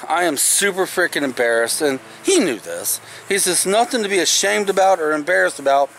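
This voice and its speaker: Middle-aged male vlogger, emphatic and casual, a bit high-pitched, faint background hiss. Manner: animated, emphatic, swears casually. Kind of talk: casual storytelling to camera.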